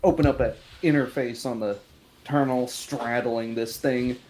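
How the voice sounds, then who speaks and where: A man's voice: mid-range voice, steady tone, normal speed, a little mellow, slight background noise. A man playing a tabletop sci-fi game, describing his character's actions casually and swearing now and then. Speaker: player.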